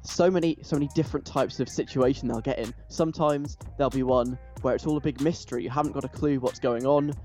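A man's voice: mid-range voice, fairly even intonation, quick pace, hardly any pauses, mellow. A man hosting a radio show, chatty and enthusiastic. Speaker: radio host. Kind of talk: casual radio chat. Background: faint music.

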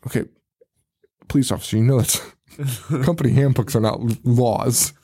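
A man's voice: medium pitch, fairly even intonation, normal speed, dark tone, husky. A man hosting a podcast, recapping a movie in casual chat, swearing often, laughing and acting out the characters' lines. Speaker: podcast host.

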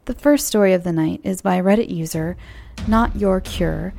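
Gravelly-voiced American woman hosting a horror podcast. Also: fairly low pitch, moderate pace, no room sound. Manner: friendly, chatty and gently giggly. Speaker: podcast host and storyteller. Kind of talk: horror story podcast narration.

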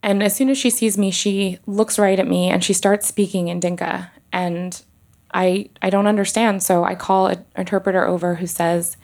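A woman doctor telling a personal story on stage, halting and emotional, with many restarts and pauses. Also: medium pitch, fairly even intonation, darkish tone.

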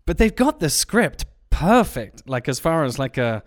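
A man's voice: fairly high pitch, sing-song, unhurried. A middle-aged man co-hosting a podcast, talking in a jokey, playful, chatty way. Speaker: podcast co-host. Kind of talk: casual chat.

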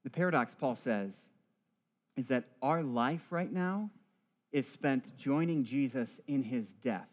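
A man's voice: mid-range voice, darkish tone. A male priest delivering a church sermon with rhythmic, building emphasis and wry asides.

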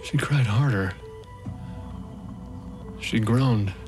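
A man's voice: mid-range voice, very slow, music in the background. An actor playing a haunted male rescue volunteer, telling his story in an intense, emotionally raw first-person monologue. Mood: shaken. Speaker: narrator.

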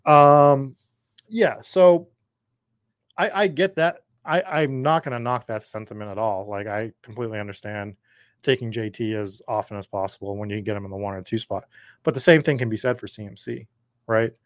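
Drafting live and replying to viewer comments, this man hosts a podcast in a loose, rambling, conversational style. His voice sits fairly low, slightly worn but steady, at a moderate pace. The sound is dry and clean, as from a studio.

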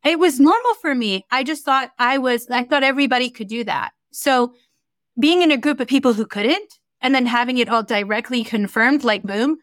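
A high-pitched young woman speaks at a moderate pace, free of echo. As a guest in an easygoing interview, this Akashic record reader tells a lively story, acting out each quoted exchange.

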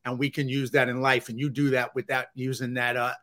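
A man's voice: mid-range voice, flat delivery, brisk, pushed and bright. Upbeat man with a thick Bronx accent. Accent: Bronx New York. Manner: earnest and upbeat, with frequent "uh" and "you know". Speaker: guest. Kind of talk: conversational interview.

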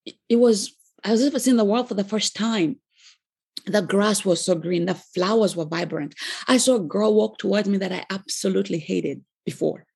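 A woman in her forties giving an earnest, emotional personal faith testimony, with pauses and restarts. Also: mid-range voice, vocal fry, a little mellow, breathy edge. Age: 40s.

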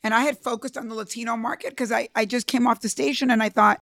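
A woman's voice: fairly high pitch, steady tone, fast talker, few pauses, fairly bright tone, dry recording, clean studio sound. A woman telling her own business story in an earnest, emphatic, conversational way. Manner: emphatic, earnest, conversational with quoted inner thoughts. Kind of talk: personal storytelling talk.

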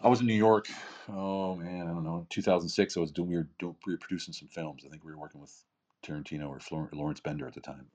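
Talking fast in a low, steady, darkish voice, a man in his fifties delivers an emphatic motivational talk as a podcast guest. He's a keynote speaker and author, and he relies on rhetorical questions and repeated phrases.

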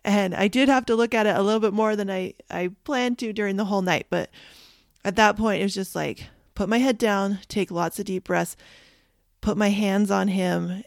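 A woman in her thirties, a podcast host, candidly telling listeners a personal story, emotional and halting at times. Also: medium pitch, steady tone, gravelly, no echo, studio quality.

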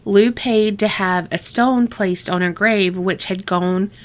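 A woman's voice: mid-range voice, steady tone, slow. Chatty woman reading ghost stories. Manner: chatty, laughs often, swears casually. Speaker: podcast co-host. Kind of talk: casual chat, reading listener stories aloud.

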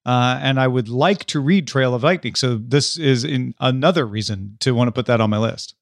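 A man's voice: medium pitch, moderate pace, no room sound, clean studio sound. A man co-hosting a book podcast in casual, joking chat, with some stammered restarts. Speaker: podcast co-host.

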